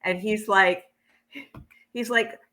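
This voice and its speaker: A woman's voice: medium pitch, steady tone, slow, bright, forceful tone. A woman from Pennsylvania telling stories in a rambling, thoughtful way as a spiritual teacher in casual chat. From Pennsylvania, United States.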